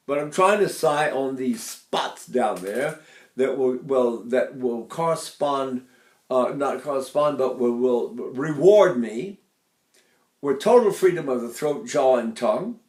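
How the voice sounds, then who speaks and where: An older man gives a voice lesson, explaining technique and breaking into sung phrases and sighs as demonstrations. His voice is medium-pitched and unhurried, with a roomy sound.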